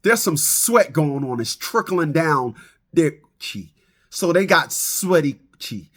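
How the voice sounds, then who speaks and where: High-pitched ranting man, animated. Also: takes it slowly. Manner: animated, stammering, laughs at own jokes. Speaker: vlogger. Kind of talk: comic rant to camera.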